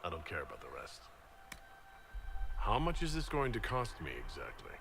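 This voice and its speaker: A blunt horned warrior. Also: male voice, fairly low pitch, huge pitch swings, normal speed, gravelly, over music, full character voice. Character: gruff horned male Qunari warrior, mercenary. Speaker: game character voice sample. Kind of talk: video game voice acting.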